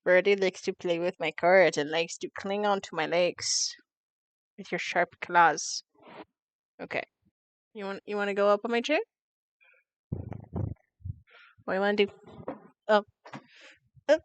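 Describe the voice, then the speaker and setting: A woman's voice: mid-range voice, a little slow, long pauses, dry recording. A young woman streaming a game, playful and chatty, talking to her cat between lines. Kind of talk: casual game stream chat.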